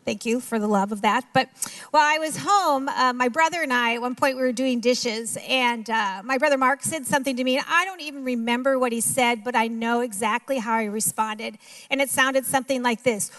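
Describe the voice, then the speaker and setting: A woman's voice: sits high, brisk, a bit bright. A woman in her fifties with a Minnesotan accent, giving a personal testimony to a recovery group in a conversational, self-deprecating way.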